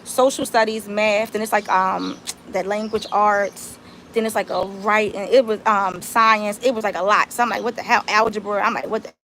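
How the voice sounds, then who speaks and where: A woman, telling a story on a live stream in casual, animated talk and swearing freely. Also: medium pitch, moderate pace, a little hiss or hum. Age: 30s. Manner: animated, swears freely, talks straight to viewers. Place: outdoors.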